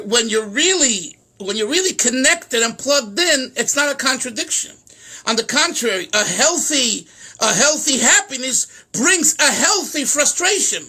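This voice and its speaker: A middle-aged rabbi giving an informal class, animated and repeating words, mixing in Yiddish and Hebrew terms. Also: male voice, extremely high pitch. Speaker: rabbi teaching Chasidus.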